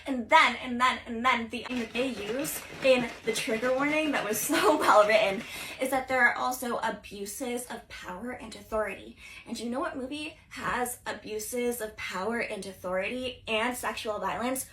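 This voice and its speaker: A young woman retelling movie scenes in casual, animated commentary full of filler words. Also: on the high side, a little hiss or hum, rough recording. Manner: animated, fast-talking, lots of filler words. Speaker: social video creator.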